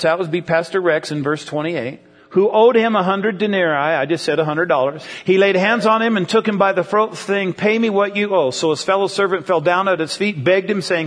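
A man's voice: high-pitched, in a large hall. A man preaching a sermon in a conversational way, asking his congregation questions and drawing them in. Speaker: pastor. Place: church with congregation.

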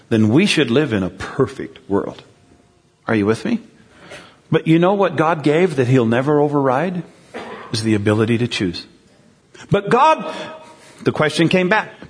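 Fairly high-pitched and a bit rough, this pastor's voice rings through a large room. He talks to his congregation conversationally, often turning to them with questions.

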